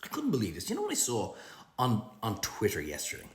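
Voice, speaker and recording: A middle-aged Irish man delivering a profane comic rant to camera, ranting in an animated, swearing way. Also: fast, slight background noise. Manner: profane, animated ranting with big pitch swings. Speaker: social media comedian. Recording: roomy echo.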